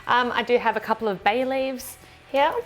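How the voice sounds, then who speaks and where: A woman's voice: a little high, steady tone, moderate pace, a bit bright, soft background music. Woman, home-kitchen cooking vlog co-host, plain explainer with fillers. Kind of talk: casual cooking chat.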